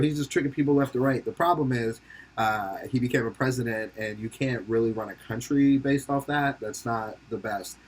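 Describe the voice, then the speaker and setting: A young man hosts a podcast with a medium-pitched, breathy-edged voice at a moderate pace. He rambles and jokes through casual commentary, laughing often, swearing freely, and slipping into silly put-on voices when quoting people.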